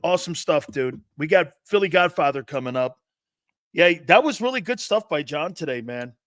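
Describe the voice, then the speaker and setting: A man's voice: a little high, lively intonation, normal speed, fairly bright tone, no echo, studio quality. A man hosting a sports talk show, agreeable and upbeat, cheering on his co-host. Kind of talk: casual sports talk chat.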